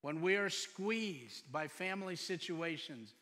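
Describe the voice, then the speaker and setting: Man in his fifties, pastor, sermon, fairly high voice, bright ringing tone, long hall reverb. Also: animated, a little slow. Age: 50s. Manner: preaching with rhetorical questions, swinging loud and soft.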